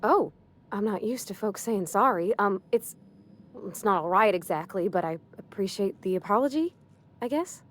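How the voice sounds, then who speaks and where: A woman's voice: medium pitch, animated, moderate pace, natural voice. An actress voicing a defensive young woman in a video game, loyal to a friend and speaking in an earnest, hesitant way.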